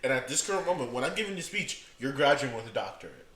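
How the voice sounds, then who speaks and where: A man's voice: medium pitch, big pitch swings, very fast, a bit bright. A young man hosting a casual podcast chat, loose and joking with plenty of swearing. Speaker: podcast host. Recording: roomy echo with faint noise.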